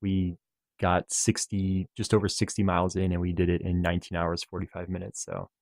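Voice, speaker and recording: A man's voice: deep voice, monotone, fairly quick, vocal fry, a little mellow, dry recording. A man in a casual podcast chat, speaking thoughtfully and hesitantly, often restarting his sentences.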